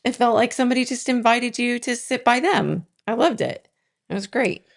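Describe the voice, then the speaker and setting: A woman's voice: a little high, moderate pace, creaky. A middle-aged woman co-hosting a live stream, chatting casually and reading out viewer comments. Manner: chatty, reads out chat comments, laughs often.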